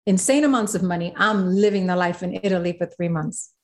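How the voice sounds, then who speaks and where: A woman, a guest in an interview, telling a story with animated quoted voices. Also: lowish voice, a little fast. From South Bronx, New York. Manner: animated, acts out quotes of others.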